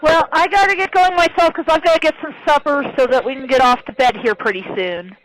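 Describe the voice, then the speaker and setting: A woman's voice: high-pitched, a little fast, fairly bright tone, slight background noise, low-quality recording. A woman calling in to a radio show, chatting in a folksy, affectionate way. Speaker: caller.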